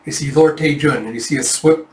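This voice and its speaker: A man in a casual comic readthrough, lively and chatty as he narrates the panels. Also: on the high side, brisk, a little hiss or hum. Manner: lively, chatty, jumps into character voices. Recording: roomy, mic at a distance.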